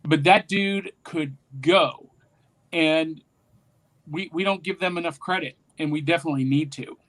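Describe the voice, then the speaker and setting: A man with a notably high voice hosts a relaxed podcast conversation. He talks with eager enthusiasm, tripping over repeated words when he gets excited. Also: measured pace, low-quality recording. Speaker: podcast host. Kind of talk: casual chat.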